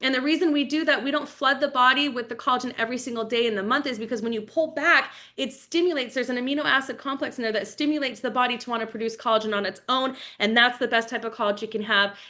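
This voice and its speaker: A woman in her forties giving a fast, enthusiastic, chatty live-stream sales pitch for wellness products. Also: pushed and bright. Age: 40s.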